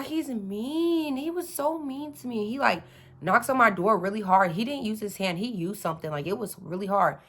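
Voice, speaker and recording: Animated young woman telling a storytime. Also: medium pitch. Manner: animated, addresses viewers as y'all, acts out dialogue. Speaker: storytime vlogger. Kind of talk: casual storytelling to viewers.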